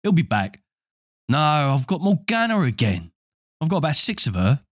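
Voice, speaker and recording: Storybook figure: easygoing, slightly scornful boy wizard, lively delivery, read by a male narrator. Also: fairly high pitch, moderate pace, dry recording, clean studio sound, voice pushed up. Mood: offhand. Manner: casual, offhand.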